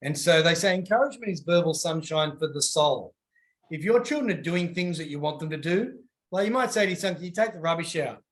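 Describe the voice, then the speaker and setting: A man's voice: a little high, brisk. A man giving casual coaching advice and acting out little voices as he tells stories. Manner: animated, acts out voices in his stories.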